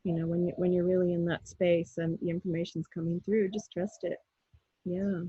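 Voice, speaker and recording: A woman guest on an interview show, telling a story in a casual, animated way and acting out her own pleas and the words of others. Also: on the low side, moderate pace, slightly rough, dry recording, highs cut off. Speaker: guest, intuitive healer.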